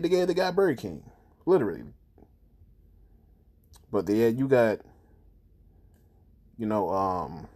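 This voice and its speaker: Brief: man, lowish voice, profane and indignant commentator, repeats himself for emphasis. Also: dark tone. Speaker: commentator on news videos. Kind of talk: casual heated commentary.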